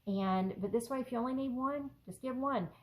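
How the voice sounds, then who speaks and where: A woman's voice: a little high, brisk, poor audio. A woman chatting casually in a home craft room vlog, rambling and giggling between fillers. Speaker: journaling vlogger.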